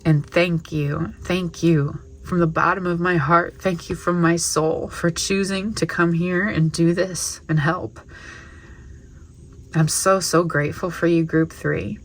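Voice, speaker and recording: A woman gives a spiritual tarot reading to her viewers, her voice sitting a little low for a woman. She is tearful and emotional throughout, gushing with heartfelt affirmations. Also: fairly even intonation, a little slow, a little hiss or hum. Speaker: tarot reader.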